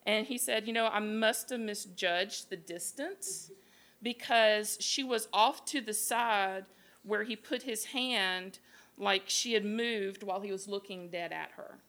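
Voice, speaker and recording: A woman spins a creepy tale on a live podcast, her telling loose, salty and full of animated quoted voices. She sits at a mid pitch and keeps it conversational. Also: unhurried. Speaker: podcast host. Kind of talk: casual storytelling. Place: live show at a beer garden.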